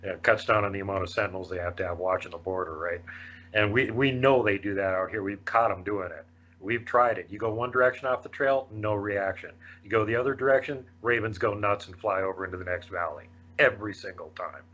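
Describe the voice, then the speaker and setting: Bright-voiced male podcast host, lo-fi. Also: on the low side, fairly quick. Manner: relaxed, chuckles often. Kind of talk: casual chat. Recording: dull lo-fi audio.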